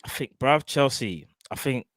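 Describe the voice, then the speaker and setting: A man, co-hosting a casual football chat over a video call, animated and slangy. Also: medium pitch, normal speed, no echo. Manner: animated, slangy, repeats himself. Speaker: podcast co-host.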